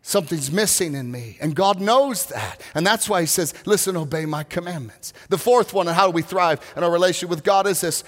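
A man's voice: sits high, brisk, hardly any pauses, a bit bright, big-room sound. A man preaching a sermon as pastor in a church, talking in a conversational way with frequent restarts and humorous asides. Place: church sanctuary.

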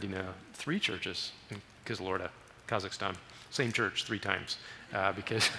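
A man preaches a guest sermon, telling stories with animation and pushing his voice up for emphasis. His tone is bright and forward. The sound rings with a long church reverb, and there is faint room noise behind him. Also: mid-range voice. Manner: animated storytelling, raises voice for emphasis. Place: church sanctuary.

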